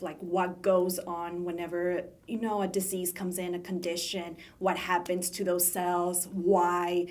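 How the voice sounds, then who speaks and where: A young woman from south Texas, a graduate student guest on a podcast, answering questions hesitantly with many fillers and restarts. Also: lowish voice. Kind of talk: casual interview answers.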